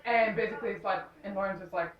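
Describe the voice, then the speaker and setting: A woman's voice: mid-range voice, fast talker, reverberant, far from the mic, lo-fi sound. A young woman casually recapping a movie, rambling with lots of fillers and sarcastic asides. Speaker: movie reviewer.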